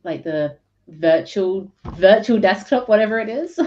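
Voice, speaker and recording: A woman chatting on a video call, rambling and hesitant, quick to laugh. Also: medium pitch, expressive, dark tone, a little hiss or hum. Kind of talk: casual live-stream chat. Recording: dull lo-fi call audio.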